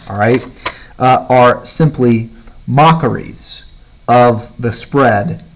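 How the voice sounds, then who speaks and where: A male teacher talks his students through a novel in a recorded lesson. His voice sits at an ordinary middle pitch. He checks in with "all right?" and "okay?" after nearly every thought, fills gaps with "uh", and slows down when he reads a passage aloud. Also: low-quality recording. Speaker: high school English teacher. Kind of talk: recorded literature lecture.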